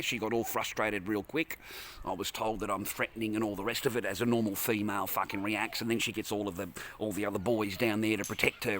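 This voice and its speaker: A man's voice: fairly low pitch, fairly bright tone, a little hiss or hum. An Australian man ranting angrily in a vlog from his car, profane and repetitive. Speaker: vlogger. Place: in a parked car.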